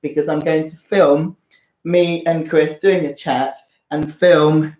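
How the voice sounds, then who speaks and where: A man hosting a casual livestream chat from the sofa of his flat, excitable and quick to laugh. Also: a little high. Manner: excitable, squealing and laughing often. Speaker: channel host. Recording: roomy, dull livestream audio.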